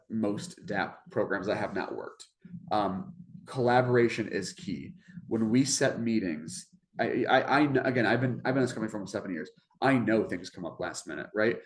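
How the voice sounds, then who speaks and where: A man presenting an informational webinar over a video call, talking earnestly and conversationally with many restarts. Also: on the low side. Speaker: webinar presenter for a marketing program.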